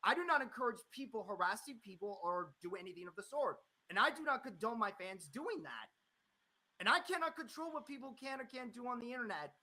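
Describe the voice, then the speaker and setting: A man's voice: extremely high pitch, lively intonation, fairly quick, pushed and bright. A man ranting angrily on a live stream, swearing often and repeating himself. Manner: angry, profane, repeating himself. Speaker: streamer confronting a critic. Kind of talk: heated live-stream rant.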